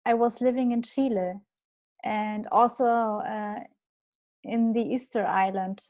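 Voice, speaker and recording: German-accented woman in her thirties, pitched a little high and taking her time, halting speech with lots of laughs, chatting as a podcast guest. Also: steady tone, a little mellow. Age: 30s. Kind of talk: casual interview chat.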